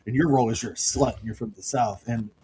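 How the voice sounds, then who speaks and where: A middle-aged man co-hosting a podcast, chatting casually and telling family stories with quick impressions of the people in them. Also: mid-range voice, warm tone, slight background noise, rough recording. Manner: storytelling, mimics his father's outbursts. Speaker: podcast co-host. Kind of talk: casual chat.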